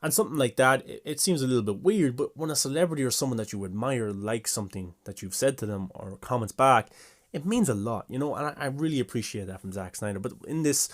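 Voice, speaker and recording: A man's voice: medium pitch, quick pace. A young man hosting a casual video, chatting enthusiastically as he reads out fan questions and comments on them. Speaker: host.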